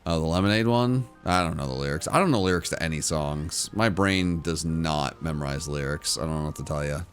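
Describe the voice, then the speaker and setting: A man's voice: very deep voice, brisk, fairly bright tone, soft background music. A man streaming live to his chat, giving casual game commentary and repeating phrases as he goes. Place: home room.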